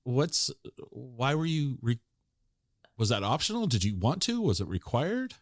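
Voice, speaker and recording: A man's voice: medium pitch, sing-song, a little slow, no echo, studio quality. A man hosting an interview, asking curious, rambling questions. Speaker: podcast host. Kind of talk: casual interview chat.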